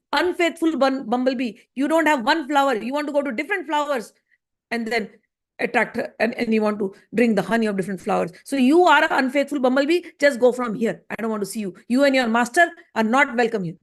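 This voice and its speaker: A woman's voice: high-pitched, brisk, lightly acted. A woman acting out a furious, heartbroken young woman who scolds and accuses in a raised voice. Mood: scornful.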